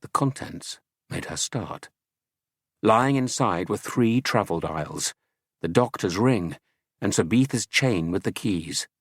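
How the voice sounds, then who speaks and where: Deep, husky male audiobook narrator. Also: expressive, dry recording, studio quality. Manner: measured storytelling. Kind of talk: scripted narration.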